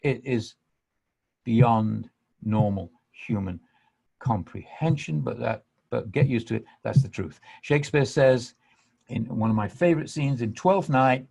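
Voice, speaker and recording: An English man hosting a podcast, telling a spiritual story earnestly and emphatically. He swings from hushed to animated. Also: medium pitch, a little slow, gravelly, slightly rough. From England. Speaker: podcast host.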